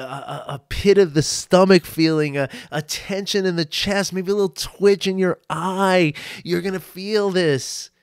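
A man's voice: a little high, clean tone, dry recording, studio quality. A man coaching on a solo podcast, talking casually and often checking in with "right?" and small laughs.

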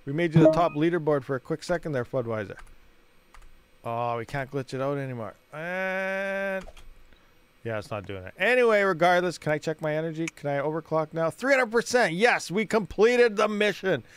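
A man's voice: a little high, expressive, brisk, clear, resonant tone. Chatty man narrating his gameplay. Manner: rambling, thinks aloud, self-talk with viewers. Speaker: gaming channel host. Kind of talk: casual gameplay commentary.

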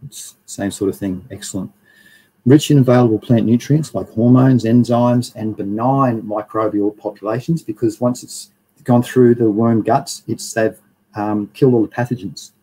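A man's voice: medium pitch, fairly even intonation, normal speed, warm tone, slightly rough, rough recording. A man hosting a live stream, reading through slides in a rambling, casual way and greeting viewers in the chat. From Australia.

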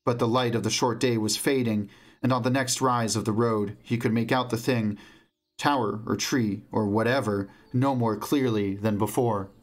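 A man narrating a fantasy novel as an audiobook reader, measured and slowing down for tense moments, on an omnidirectional mic. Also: fairly low pitch, fairly even intonation.

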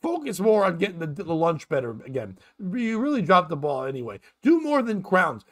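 A man's voice: sits high, big pitch swings, brisk, fairly bright tone. A man hosting a casual comedic talk show, riffing and ranting with lots of swearing. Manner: profane, riffing, rambling rants. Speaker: podcast host.

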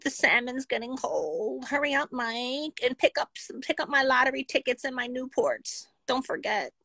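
A woman's voice: sits high, expressive, moderate pace, bright, forceful tone, no room sound, voice pushed up, exaggerated voice. A woman voicing a nagging wife who phones her cheating husband with whiny, demanding questions.

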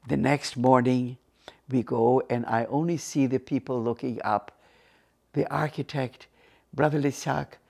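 A woman's voice: a bass voice, creaky. An older woman from Ukraine with a Ukrainian accent, telling her life story earnestly as an interview guest. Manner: earnest, animated storyteller with frequent restarts. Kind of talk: personal testimony storytelling.

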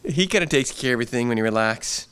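A man's voice: mid-range voice, animated, fast talker, fairly bright tone, smooth. A pastor giving an earnest, conversational sermon in a church, often repeating his phrases.

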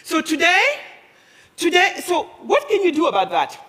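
A woman from Senegal giving a passionate conference talk, firing off challenging questions and rising to near-shouting. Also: extremely high pitch, big pitch swings, moderate pace. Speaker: speaker at a conference. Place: large conference hall. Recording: long reverb of a large hall.

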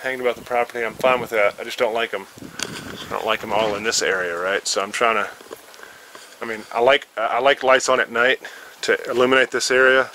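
A man's voice: fairly low pitch, bright, forceful tone, a little hiss or hum, rough recording. A man rambling casually and with lots of swearing while he tells a story from his cluttered shed. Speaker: vlogger.

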